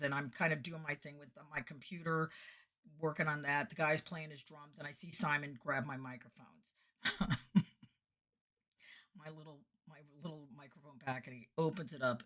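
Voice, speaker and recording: A woman's voice: low voice, brisk. A woman entertainer telling a casual story, acting out the dialogue and dropping into whispered asides. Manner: animated, acts out dialogue, drops into whispered asides.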